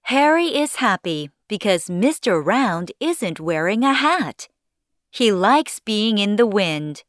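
Female storybook narrator, slow and clear, animated pitch, dry close mic. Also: dry recording. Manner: simple, clearly spaced sentences.

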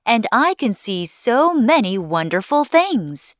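A woman voicing a young, adventurous boy who is a hair on a man's head, talking in eager, excited bursts. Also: fairly high pitch, slow pace, no echo, studio quality.

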